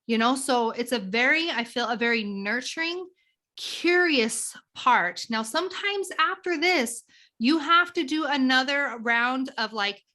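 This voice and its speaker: A woman guest explaining a tapping method in a conversational, teaching way, animated and acting out examples as she goes. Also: high-pitched, unhurried. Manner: animated, acts out examples of inner talk.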